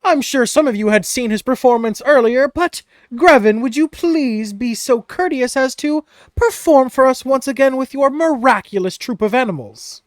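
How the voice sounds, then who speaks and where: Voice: high-pitched, moderate pace, hardly any pauses, no echo, clean studio sound, voice pushed up, natural voice. A game master voicing a showy male carnival ringmaster who speaks in a grand, courteous manner during a tabletop game. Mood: grandiose. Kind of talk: tabletop game role-play.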